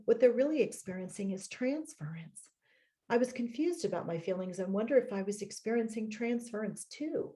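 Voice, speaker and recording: A woman reads passages from her own memoir in a slow, reflective way, stopping now and then for short asides. Her voice is mellow and warm rather than bright, with pitch in the middle range. It sounds like a home computer mic on a video call. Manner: measured, reflective reading with personal asides. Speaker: author.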